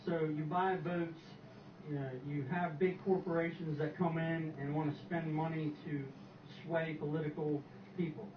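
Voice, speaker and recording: A man's voice: a little high, little pitch movement, moderate pace, distant mic. A man being interviewed outdoors on the news, talking plainly and with strong opinions. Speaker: interviewee at a rally. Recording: TV audio played in an echoey room, heard from afar, dull and noisy.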